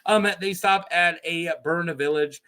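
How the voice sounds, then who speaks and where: A man's voice: on the high side, measured pace, sharp tone. A man hosting a casual lore recap, rambling and correcting himself as he goes. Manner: rambling, self-correcting, laughs often. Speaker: lore video host.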